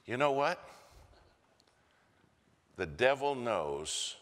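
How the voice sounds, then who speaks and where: American male preacher, lively storytelling delivery, slow unhurried pace, ringing church reverb. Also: mid-range voice. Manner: animated storyteller acting out quoted voices. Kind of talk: storytelling sermon. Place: church sanctuary.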